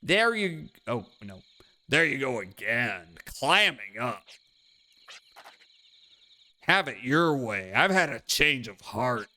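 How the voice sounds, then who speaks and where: A man's voice: mid-range voice, very animated, slow, long pauses, sharp tone, full character voice. A man reading the lines of a brash, aloof young male drifter from a video game, curt and dismissive. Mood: wary.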